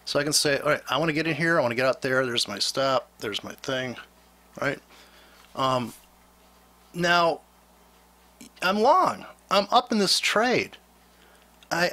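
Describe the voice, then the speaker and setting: A man's voice: fairly high pitch, animated, moderate pace, pauses often, bright, forceful tone. A man giving a rambling trading lesson over a chart on his screen, blunt and sarcastic as he talks. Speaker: trading instructor.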